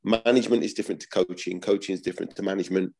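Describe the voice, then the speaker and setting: A man's voice: low voice, steady tone, racing, creaky, darkish tone, husky. A man, talking bluntly as an interview guest, swearing and repeating himself. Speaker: former footballer, guest. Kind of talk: casual interview.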